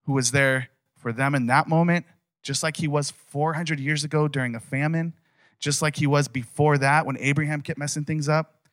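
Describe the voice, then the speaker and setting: A man's voice: fairly high pitch, fairly bright tone, no echo, clean studio sound. A man preaching a casual sermon as a pastor, retelling a Bible story in a conversational, emphatic way.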